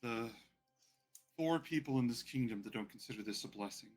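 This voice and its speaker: A man's voice: medium pitch, fairly quick, soft background music, natural voice. A man voicing a vain, pampered godlike male ruler who speaks with grand, offhand condescension. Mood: grandiose. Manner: grandly self-satisfied, offhand and dismissive.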